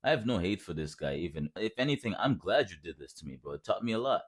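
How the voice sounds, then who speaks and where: Low-voiced young man ranting. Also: big pitch swings, fast, slight background noise. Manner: heated, profane, mocking. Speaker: vlogger telling his own story. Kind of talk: storytime rant.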